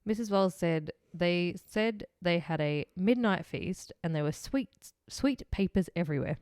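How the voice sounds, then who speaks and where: Chatty, lower-pitched podcast host woman. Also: a little slow, darkish tone, no echo, studio quality. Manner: chatty, laughs often, swears casually. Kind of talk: casual true-crime podcast chat.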